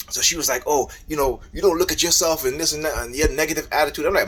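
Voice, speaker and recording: A man's voice: medium pitch, lively intonation, very fast, few pauses, fairly bright tone, husky. A man talking casually on his vlog, rambling and repeating himself as he recounts an argument, his voice rising and heating up when he quotes it. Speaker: vlogger.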